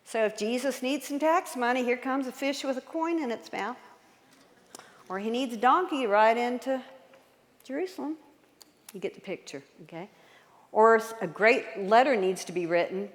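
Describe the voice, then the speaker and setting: A woman's voice: a little high, normal speed. A woman author giving an enthusiastic history talk to a live audience in a church, often quizzing them with questions. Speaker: guest speaker and author. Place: large church hall. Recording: long hall reverb.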